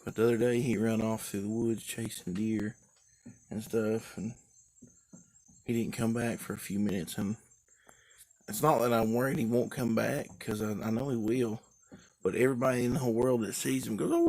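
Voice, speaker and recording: A man's voice: on the low side, steady tone, normal speed, darkish tone. A tired, drowsy man chatting casually on a live stream while sitting outdoors on his porch, rambling in a laid-back way. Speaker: livestream host.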